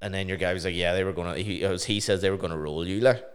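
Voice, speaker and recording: A man's voice: fairly even intonation, fast, smooth. A young man telling stories and swearing casually on a podcast. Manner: swears freely, storytelling in a low mumble. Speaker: podcast co-host, DJ.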